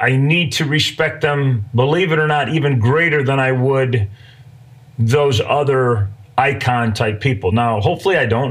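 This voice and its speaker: Folksy man telling a story. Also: medium pitch. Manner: folksy, conversational, many fillers. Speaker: podcast host.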